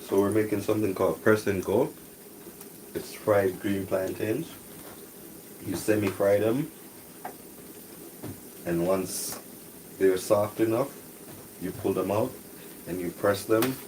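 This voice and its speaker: A very deep-voiced man hosting a cooking stream from his home kitchen. He talks softly and chats easily with his viewers. Sizzling and boiling pans are plainly heard behind him. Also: slow, pauses often, noisy background. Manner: talks softly, relaxed and chatty. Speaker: cooking channel host. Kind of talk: soft-spoken live cooking stream chat.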